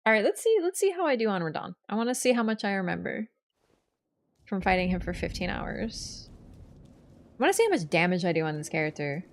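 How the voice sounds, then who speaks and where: A woman's voice: medium pitch, big pitch swings, a little fast. A woman streaming a game, chatting casually in a playful, teasing, rambling way. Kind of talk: casual chat while gaming.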